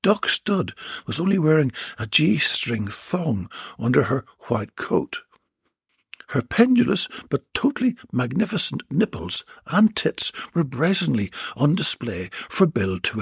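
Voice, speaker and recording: Slow, breathy man narrating a comic audiobook, close dry mic. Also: medium pitch, dry recording.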